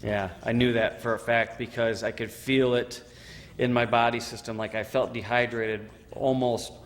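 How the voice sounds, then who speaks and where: A man's voice: medium pitch, normal speed, long reverb tail. A man in his forties from Michigan, a veteran telling his story in an oral history interview, acting out what people said and saying "you know" a lot. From Michigan, USA. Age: 40s. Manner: animated storyteller who acts out quotes and says "you know" often.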